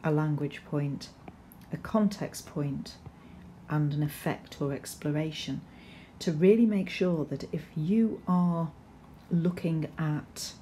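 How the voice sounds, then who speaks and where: A woman's voice: low voice, steady tone, slow pace, mellow, a little hiss or hum. A woman teaching a recorded poetry lesson over slides, explaining steadily with frequent ums and restarts. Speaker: English teacher.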